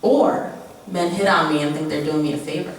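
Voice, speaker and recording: A young woman performing spoken word and stories at an open mic, candid and blunt, laughing often and acting out sharp back-and-forth dialogue. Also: low-pitched, fairly even intonation, fairly quick. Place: venue room at an open mic. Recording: very echoey room, mic at a distance.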